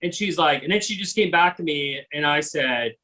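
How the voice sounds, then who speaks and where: A man hosting an interview, reacting to his guest and talking in halting, restarting sentences. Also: fairly high pitch, expressive, sharp tone, low-quality recording. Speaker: host. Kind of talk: casual interview on a video call.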